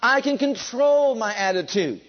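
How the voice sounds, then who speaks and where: A man preaching a sermon with fervent, drawn-out emphasis, leading his congregation to repeat after him. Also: extremely high pitch, expressive, dull audio. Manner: leads the congregation in call and response.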